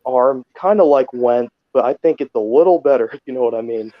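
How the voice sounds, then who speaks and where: A man's voice: mid-range voice, fairly quick, dry recording. Hesitant man on a dull call line. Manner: hesitant, many "uh"s. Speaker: caller. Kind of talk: casual chat. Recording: dull dry call audio.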